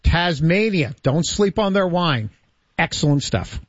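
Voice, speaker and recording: A man's voice: fairly high pitch, expressive, a little slow. A man hosting a sports radio show in a playful, self-mocking chat, reading listener tweets aloud. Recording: dull lo-fi radio audio with faint music.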